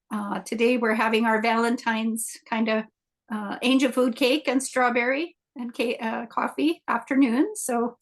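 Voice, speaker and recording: A woman's voice: a little high, a bit bright. An older woman telling a story on a group video call, hesitant with frequent restarts and filler sounds. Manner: hesitant, lots of "uh" and restarts, chatty. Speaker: coaching group member.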